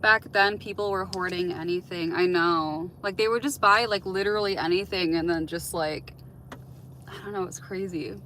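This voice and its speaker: A woman's voice: lowish voice, steady tone, moderate pace, pushed and bright, slight background noise, low-quality recording. A woman hosting a casual livestream, chatting with viewers and answering their comments with lots of "like" and "um". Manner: chatty, heavy use of "like" and "um"; open, reflective advice-giving. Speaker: livestream host.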